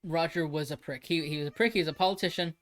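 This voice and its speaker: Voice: mid-range voice, fast talker. A livestreamer chatting casually, rambling and emphatic with frequent restarts and swearing.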